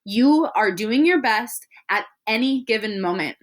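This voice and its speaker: A woman's voice: fairly high pitch, expressive, unhurried. A young adult woman hosting a self-care podcast, talking earnestly and candidly in an encouraging way. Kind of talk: reflective solo podcast talk.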